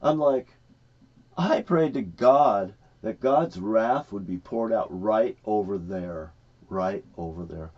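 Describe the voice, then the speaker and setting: A man's voice: fairly low pitch, slow. A man ranting in a rambling, profane, angry way about his experiences. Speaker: vlogger. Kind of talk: rambling personal rant. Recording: dull lo-fi recording.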